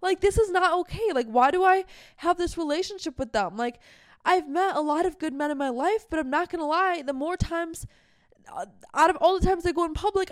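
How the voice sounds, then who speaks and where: Speaking in a very high-pitched voice, a young podcast host goes on a heated, candid, casual monologue. She's fast and emphatic and uses "like" heavily. It's a studio-quality recording with no room sound.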